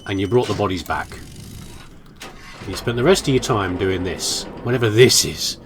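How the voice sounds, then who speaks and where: A man's voice: fairly low pitch, moderate pace, slight background noise. A man commentating his horror game playthrough in a playful, musing, self-mocking way. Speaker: gaming commentator. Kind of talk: let's play commentary.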